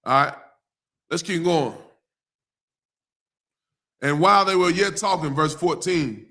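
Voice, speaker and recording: A man with a Southern US accent teaching scripture on a live stream, mixing casual slang and laughter with slow verse readings. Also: fairly high pitch, fairly bright tone. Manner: casual street slang, laughs often, reads verses slowly.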